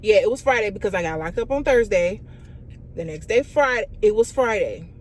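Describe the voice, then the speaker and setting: A young woman tells a storytime vlog, cursing freely and leaning on "like" and "y'all". Her pitch sits in a middle range, and a faint hiss of background noise sits under the voice. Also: a little fast. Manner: animated, profane, fillers of "like" and "y'all". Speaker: vlogger.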